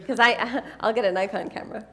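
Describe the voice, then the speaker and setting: A woman's voice: a little high, fairly even intonation, fairly quick, bright, forceful tone. A woman presenting a live workshop, teasing and directing volunteers in front of an audience. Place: event room with an audience.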